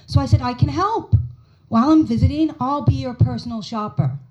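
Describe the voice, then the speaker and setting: A woman's voice: high voice, fairly quick, a little mellow, dull audio. An American woman in her forties performing a stand-up comedy set at a small pub comedy night, telling stories and acting out her mother's lines. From United States.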